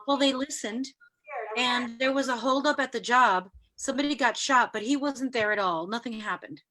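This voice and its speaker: Bright-voiced woman telling a vivid story. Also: on the high side, moderate pace, slight background noise. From New York City. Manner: lively storyteller who acts out quoted voices. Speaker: guest sharing spiritual experiences. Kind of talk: casual storytelling interview.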